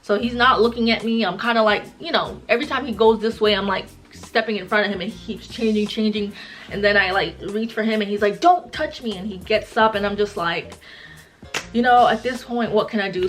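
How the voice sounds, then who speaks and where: A woman's voice: medium pitch, fairly bright tone. A woman vlogger retelling a personal story in a casual, chatty way, full of "like" and fillers.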